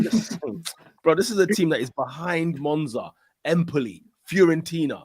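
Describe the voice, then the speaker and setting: A man co-hosting a casual football podcast, talking in an excitable, emphatic way and calling everyone "bro.". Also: fairly high pitch, moderate pace, slight background noise. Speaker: podcast co-host.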